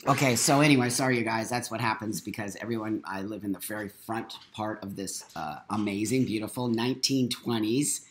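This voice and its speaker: A man's voice: lowish voice, brisk, hardly any pauses, slight background noise. A middle-aged man hosting a live morning talk stream from his home, boisterous, blunt and profane, repeating his points for force. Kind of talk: unscripted live monologue. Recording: roomy echo.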